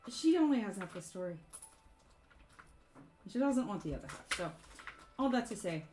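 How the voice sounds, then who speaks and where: A woman's voice: medium pitch, very animated, normal speed, dark tone, roomy sound, slight background noise, natural voice. A woman voicing a secretive, defensive female medusa who speaks in a curt, dismissive way.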